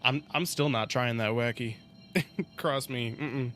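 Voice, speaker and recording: Streaming a game with noisy game audio and soft background music underneath, a man with a mid-range, fairly bright voice chats slowly and casually with his viewers. He's laid-back, swears and laughs often, and fills his talk with filler words.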